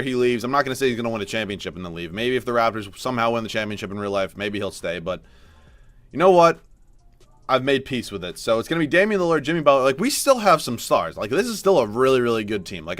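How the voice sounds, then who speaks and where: A man's voice: mid-range voice, lively intonation, fast talker, few pauses, fairly bright tone, no echo. Young male gaming YouTuber, mid-range voice, dry close mic, grumbles at losses then talks himself upbeat. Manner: frustrated and self-mocking, swinging to forced cheer. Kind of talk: game commentary.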